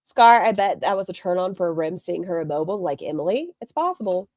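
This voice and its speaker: A woman's voice: on the low side, animated, quick pace, warm tone, no echo, clean studio sound. A woman hosting a live stream, reacting to a clip with blunt, sarcastic commentary and frequent swearing. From northern United States near the Canadian border. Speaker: livestream host reacting to clips.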